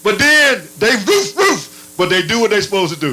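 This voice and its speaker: A male preacher with a high, bright voice delivers a sermon in a lively, playful manner. His pitch leaps up and drops low again, and now and then he breaks into barking sounds. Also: normal speed, hardly any pauses, poor audio.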